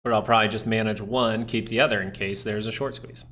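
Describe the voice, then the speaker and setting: A man's voice: lowish voice, steady tone, fast, fairly bright tone. A man hosting a live stock market stream from home, talking casually through charts, thinking aloud and answering viewers. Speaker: stock market livestream host.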